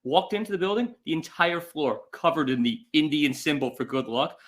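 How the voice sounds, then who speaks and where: Wisecracking man with a lively voice. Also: fairly high pitch. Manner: quick wisecracking interjections, mock outrage. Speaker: podcast guest. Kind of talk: casual comedic chat.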